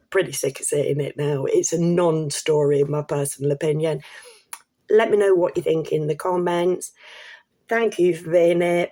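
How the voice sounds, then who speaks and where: A woman's voice: deep voice, a little mellow. A woman in her forties with a British accent, chatting to camera in a cheeky, blunt vlog, often laughing and swearing. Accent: British English. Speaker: vlogger. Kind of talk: casual to-camera commentary.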